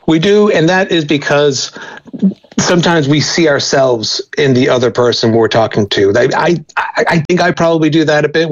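Guy talking linguistics, stops and restarts a lot, kinda muffled sound. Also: a little high. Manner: thoughtful, many restarts and repeated words. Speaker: linguist guest. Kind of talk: conversational expert explanation.

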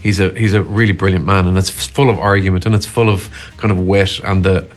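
Low-voiced man, hesitant. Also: fairly even intonation, quick pace. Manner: hesitant, restarts often, thoughtful. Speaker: actor, interview guest. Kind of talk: casual conversational interview.

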